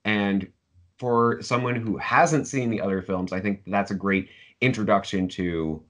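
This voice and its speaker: A man in a casual film review conversation, feeling his way through each point. He stumbles and repeats words often, his voice sitting fairly low. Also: measured pace, a bit bright. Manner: hesitant, stumbling, laughs between words. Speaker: film review podcast co-host.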